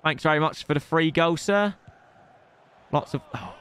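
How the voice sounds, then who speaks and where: A young man giving excitable gameplay commentary as a streamer, trash-talking his opponent and shouting at big moments. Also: fairly high pitch, moderate pace, pauses often, clear, resonant tone.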